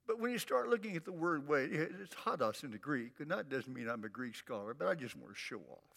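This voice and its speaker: An older man preaching a sermon in a folksy, emphatic way, drawing out repeated phrases slowly. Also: a little high, expressive, gravelly, a bit bright, in a large hall. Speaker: pastor.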